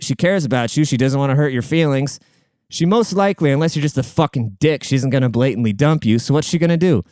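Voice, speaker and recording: A man's voice: medium pitch, a little mellow, no room sound, studio quality. A young man hosting a podcast, giving a crude, profane, rambling monologue in casual chat.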